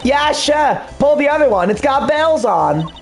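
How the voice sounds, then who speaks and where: A man voicing a pushy female photojournalist in a put-on Southern accent, with fast accusing twang, in a fan dub of a video game. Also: extremely high pitch, very animated, a little hiss or hum, voice pushed up, heavily acted. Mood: brash. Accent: put-on American Southern.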